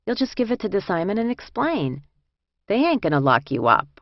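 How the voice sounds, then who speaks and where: A woman's voice: medium pitch, very animated, fairly quick, no room sound, highs cut off, voice pushed up. A woman reading the part of a blunt, amused woman prison inmate who talks in a streetwise, swearing way. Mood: reassuring.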